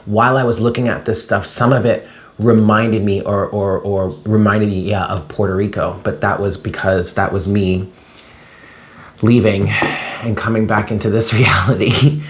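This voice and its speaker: Deep-voiced, rambling tarot vlogger, casual and emotional. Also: fairly even intonation, moderate pace. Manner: rambling and chatty, many fillers; gets emotional when telling a dream. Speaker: tarot card reader. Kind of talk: casual daily reading vlog.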